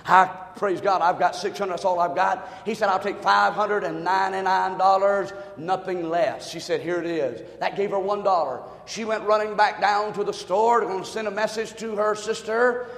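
A man preaching a sermon, telling a folksy joke story and swinging from quiet talk to shouting. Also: sits high, normal speed, hardly any pauses. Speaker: pastor. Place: church sanctuary. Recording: echoey hall, long reverb.

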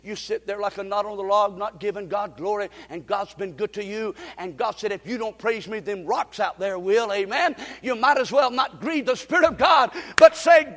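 A male pastor preaching a sermon in a church, with emphatic delivery that surges into shouts. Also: sits high, normal speed, few pauses, in a large hall. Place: church sanctuary.

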